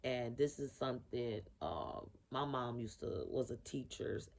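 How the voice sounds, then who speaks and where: A woman's voice: extremely low pitch, expressive, measured pace, darkish tone. A woman giving a casual spiritual reading to camera in a blunt, profane, emphatic way, repeating her key phrases. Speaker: spiritual reader.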